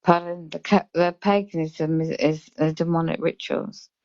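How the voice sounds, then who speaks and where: A British woman on a live stream, chatting casually and reading out chat comments in a slow, drawn-out way. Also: deep voice, steady tone, darkish tone, no room sound. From Britain. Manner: reads chat comments aloud slowly. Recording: dull lo-fi live stream audio.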